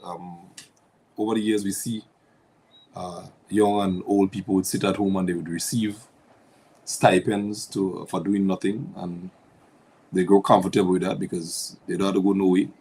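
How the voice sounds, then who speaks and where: A man calls into a talk show as a guest. His voice sits very low, and he speaks in a measured, hesitant way, filling gaps with ums. Faint noise hangs on the line. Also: little pitch movement, darkish tone.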